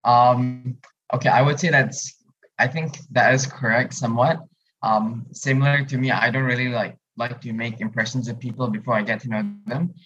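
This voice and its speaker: A man's voice: medium pitch, steady tone, a bit bright. Thoughtful young man, dull audio. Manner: thoughtful, many "um" pauses. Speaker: student podcast guest. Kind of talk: casual podcast discussion.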